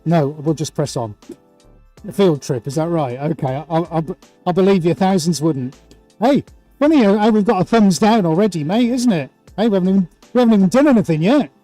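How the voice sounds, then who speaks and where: A man with a high, mellow voice chats away as he hosts a live art stream. He is playful and relaxed, reads out viewers' names and teases them. Soft music plays faintly underneath. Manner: chatty, playful, greets viewers by name. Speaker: livestream host and painter. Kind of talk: casual livestream chat.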